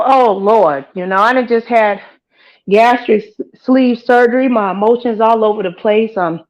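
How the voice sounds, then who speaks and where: Middle-aged woman host, slightly high voice, casual preachy commentary to her viewers. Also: poor audio. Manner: animated, preachy, talks straight to viewers with "girl" and "child". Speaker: host of her own live-commentary channel.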